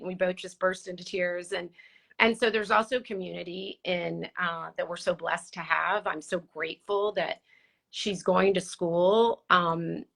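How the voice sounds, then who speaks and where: A woman in her forties as a guest in a casual conversation, talking in a reflective, heartfelt, unhurried way. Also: fairly low pitch, creaky, a bit bright.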